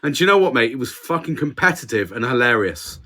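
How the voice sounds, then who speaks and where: A man's voice: medium pitch, sing-song, fast, sharp tone. A man co-hosting a casual podcast, talking candidly and self-critically, with a lot of swearing. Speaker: podcast co-host.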